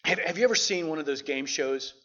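High-pitched guy preaching, goes from hushed stories to loud proclaiming, echoey dull sound. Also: fast talker. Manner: swings from quiet storytelling to loud proclamation. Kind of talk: sermon. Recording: echoey room, slightly muffled.

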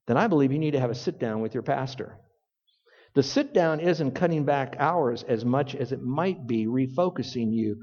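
A man's voice: medium pitch, warm tone. A man preaching a sermon, telling a folksy story and building to emphatic points. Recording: dull lo-fi recording with long hall reverb.

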